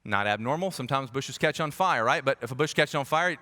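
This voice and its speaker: A man preaching a conversational, animated sermon as a pastor, acting out quoted voices. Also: medium pitch, fairly quick. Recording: long hall reverb.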